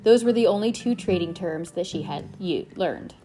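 Brief: woman narrator reading a chapter book aloud, steady pace, faint music under. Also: lowish voice, moderate pace. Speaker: reader. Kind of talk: reading a children's novel aloud.

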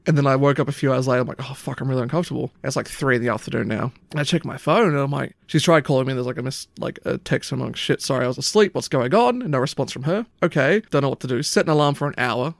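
A man's voice: mid-range voice, rapid-fire, gravelly, few pauses, no room sound, clean studio sound. A man telling a long, rambling story in casual chat, swearing often. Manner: rambling anecdote, frequent swearing and "like".

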